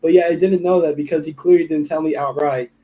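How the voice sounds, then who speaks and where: A man streaming, reading chat logs aloud in a flat voice and breaking off to react to them. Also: a little high, fast talker, highs cut off. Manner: reads flatly, breaks off to react.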